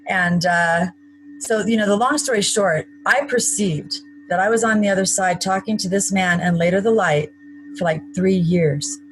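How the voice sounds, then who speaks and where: A woman's voice: mid-range voice, normal speed, soft background music, poor audio. Chatty woman telling a personal story. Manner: chatty, matter-of-fact, with wry asides. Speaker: interview guest. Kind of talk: recounting a personal story in conversation.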